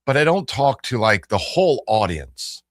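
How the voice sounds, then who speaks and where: A man's voice: mid-range voice, big pitch swings, moderate pace, no room sound, clean studio sound. A man hosting a morning radio talk show, chatting casually and rambling a little, with plenty of self-corrections. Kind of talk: casual on-air chat. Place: radio studio. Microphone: studio microphone.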